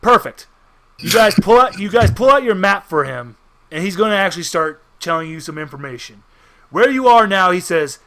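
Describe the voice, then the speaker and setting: Bright-voiced man running a tabletop game. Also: high voice, lively intonation, normal speed. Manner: easygoing, with restarts. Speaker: game master.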